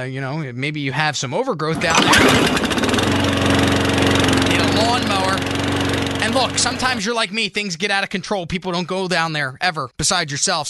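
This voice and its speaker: Brash high-voiced male radio host. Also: sharp tone, no room sound. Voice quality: brash, joking. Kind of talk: crude comedic radio talk.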